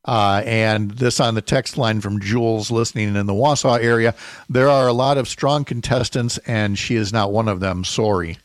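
A man's voice: on the low side, moderate pace, dry recording. A man hosting a casual radio talk show, joking with his co-hosts and reading listener texts. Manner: jokey, laughs often, reads listener texts.

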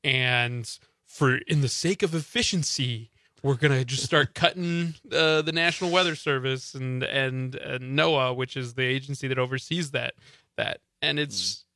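A man's voice: medium pitch, a little slow, pushed and bright, dry recording. A man who is a regular guest on a radio talk show, chatting casually with fillers and hesitations. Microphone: studio microphone.

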